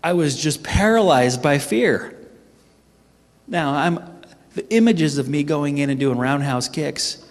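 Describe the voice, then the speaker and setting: A middle-aged man telling a funny personal story at a team training, animated and self-mocking. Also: on the high side, measured pace. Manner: animated, humorous, acts out his own panicked voice. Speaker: speaker at a sales team training. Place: event hall. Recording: echoey hall reverb.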